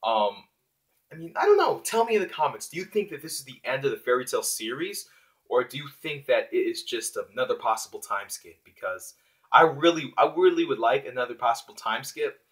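A man casually reviewing a manga chapter on his channel, excitable and rambling. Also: medium pitch, a little fast. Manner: excitable, lots of fillers and restarts.

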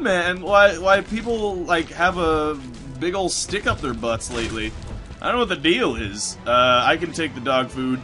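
A man's voice: a little high, a little slow, bright, forceful tone, soft background music. A man narrating his video game run, rambling and chatty as he plays, full of fillers and restarts. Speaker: gaming YouTuber. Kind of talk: let's play commentary.

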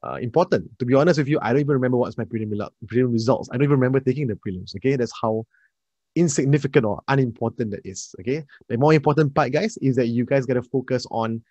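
A man, an energetic, chatty math tutor leading a live online class and addressing his students directly. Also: medium pitch, fast talker, dry recording, lo-fi sound.

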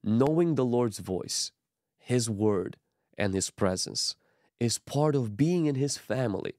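A man's voice: mid-range voice, animated, slow, darkish tone, no echo, clean studio sound. A man teaching in an earnest, emphatic preaching style, as a pastor giving a sermon.

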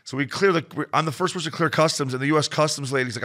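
Bright-voiced man swapping stories. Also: on the high side, very fast. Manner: loose, profane storytelling. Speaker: podcast co-host. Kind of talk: casual chat.

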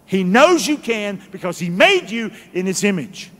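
A man's voice: high-pitched, big pitch swings, normal speed, sharp tone, in a large hall. A middle-aged man, a pastor, preaching a sermon and calling on the congregation to answer him, repeating key phrases. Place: large church sanctuary.

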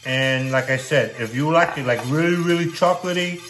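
A man's voice: on the high side, fairly quick, a bit bright, echoey room, soft background music. An older man hosting a casual cooking vlog, upbeat, playful and chatty, talking from a home kitchen. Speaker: cooking channel host.

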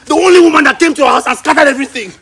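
A man in a comedy skit, loudly scolding and pleading. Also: very high voice, racing, gravelly. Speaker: skit actor.

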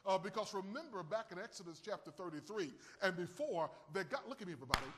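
A man preaching a sermon, animated and calling on his listeners to answer and raise their hands. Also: sits high, fast, hardly any pauses, big-room sound, crowd noise. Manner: animated, calls on the audience to respond.

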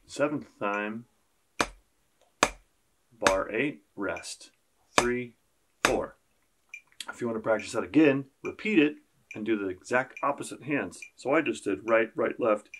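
A man's voice: medium pitch, fairly bright tone, slight background noise. A man teaching a beginner percussion lesson, counting beats aloud and joking with his students. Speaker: school band teacher.

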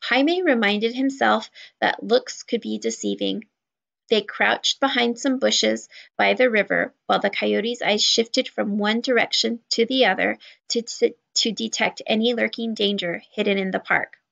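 A woman reading a children's novel aloud in a steady, even storytelling voice. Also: fairly high pitch, a little slow, creaky, muffled recording. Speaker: children's book reader. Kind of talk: read-aloud narration.

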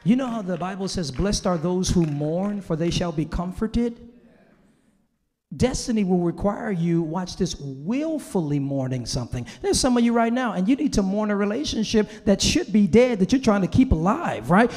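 A man from Los Angeles who is a pastor, preaching a sermon to his congregation. He goes from hushed, tearful confession to shouted exclamation. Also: high voice, big pitch swings, moderate pace, big-room sound. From Los Angeles, USA. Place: large church hall.

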